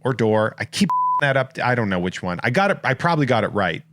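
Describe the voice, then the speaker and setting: A man's voice: medium pitch, big pitch swings, fast talker, fairly bright tone. An American man hosting a podcast, rambling and joking at his own expense in casual chat. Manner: jokey, rambling, self-mocking. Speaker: podcast host.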